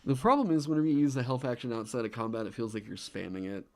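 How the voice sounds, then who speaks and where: A man's voice: medium pitch, quick pace, no echo, soft background music. A man chatting casually on a live stream into a desk microphone. He rambles, laughs often and swears freely. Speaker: streamer designing a game class.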